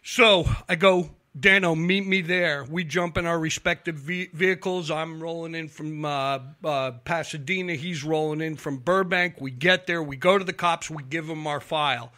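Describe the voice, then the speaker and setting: A man spins a long, profane true-crime tale on a talk show and acts out each person he quotes. His voice sits a little high for a man. It is recorded close and dry, with no room sound. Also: moderate pace, hardly any pauses, no echo. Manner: animated, profane storyteller acting out quotes. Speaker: investigative reporter guest. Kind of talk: casual storytelling on a talk show.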